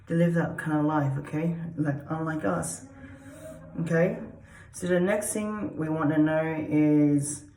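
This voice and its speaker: A woman's voice: low voice, a little mellow. A woman explaining dog behavior in a rambling, casual way, repeating herself and acting out dog sounds. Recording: roomy echo.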